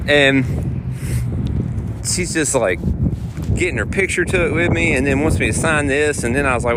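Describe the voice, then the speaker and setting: A man, a touring guitar player, telling road stories in a rambling, animated way while walking outdoors. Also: medium pitch, moderate pace, pauses often. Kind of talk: casual vlog storytelling. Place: outdoors on city streets. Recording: outdoor street noise and wind.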